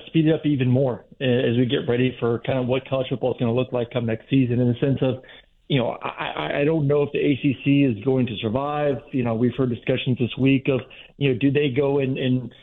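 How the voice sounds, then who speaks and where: A male college football analyst on a tinny, phone-like line, calling into a sports radio show. He talks with some hesitant restarts and repeated words at a middle pitch. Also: little pitch movement, brisk.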